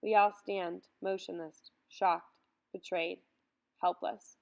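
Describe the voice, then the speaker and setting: A woman reading a first-person story aloud in a measured, earnest way. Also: fairly low pitch, steady tone, creaky. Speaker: audiobook reader.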